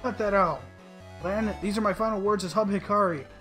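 A calm male digital companion, voiced by a man reading a game, speaks in a soft, steady tone. Game music runs under him throughout. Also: high-pitched, brisk. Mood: tender.

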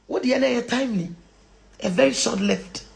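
A Ghanaian woman giving a preachy moral lecture, mixing Twi and English, jumping from shouts down to hushed near-whispers. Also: fairly high pitch, normal speed, gravelly. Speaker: social commentator.

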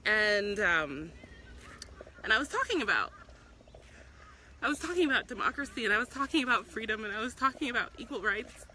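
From a public spot outdoors, a South African woman livestreams with earnest passion, sprinkling in ums and restarting herself often. Her slightly high, sing-song voice is a little fast and sharp, with frequent pauses, over slight background noise on a low-quality recording.

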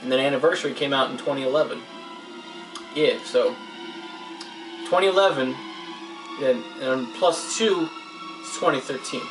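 A man's voice: mid-range voice, moderate pace, long pauses, over music, poor audio. A young man giving casual, goofy gameplay commentary, joking sarcastically and talking back to the characters on screen. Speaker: let's play gamer. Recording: home mic with noticeable hiss.

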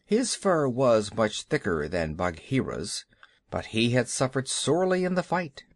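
A man narrating a children's audiobook in an expressive, unhurried storytelling manner. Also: mid-range voice, no room sound, clean studio sound.

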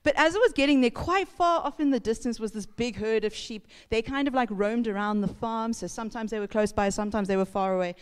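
A woman pastor, telling a lively story in a casual sermon, laughing and acting out sounds. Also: fairly high pitch, brisk, few pauses, clean tone. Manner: chatty, laughing, acts out sounds and voices. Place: church hall. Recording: reverberant church hall.

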